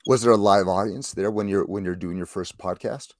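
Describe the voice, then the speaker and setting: Low-voiced man asking curious questions. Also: steady tone, brisk, darkish tone, no echo, clean studio sound. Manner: curious, asks many detailed questions. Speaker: co-host. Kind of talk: casual interview questions.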